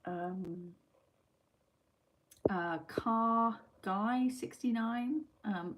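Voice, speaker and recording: Woman, livestream host, lower-pitched, chatty and casual, reads out chat, light background hiss. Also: a little slow. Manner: chatty, reads out viewer comments, swears casually. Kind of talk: casual live-stream chat.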